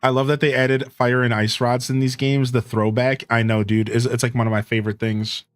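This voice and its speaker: A man streaming a game, giving casual commentary and telling stories, chatty and animated, full of "like" and "dude". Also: medium pitch, fairly quick, faint music behind.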